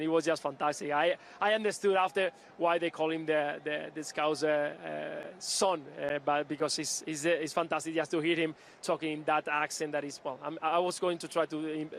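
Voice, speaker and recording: A man speaking as a football pundit, halting with many restarts and fillers. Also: a little high, fairly bright tone, slight background noise. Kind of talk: live pre-match punditry.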